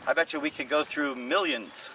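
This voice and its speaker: A man's voice: a little high, moderate pace, far from the mic, a little hiss or hum, rough recording. A comedian telling stories in casual talk on a city walk, acting out the voices of the people he quotes. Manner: animated, acts out quoted voices. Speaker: comedian and podcast co-host. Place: outdoors on city streets.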